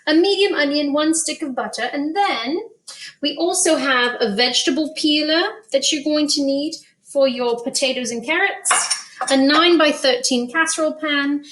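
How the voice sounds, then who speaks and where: A woman, a school choir director casually walking viewers through a recipe in a kitchen, chatty and quick to laugh. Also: high-pitched, fairly bright tone. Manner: chatty, laughs easily, plays along with banter. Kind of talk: casual cooking demonstration.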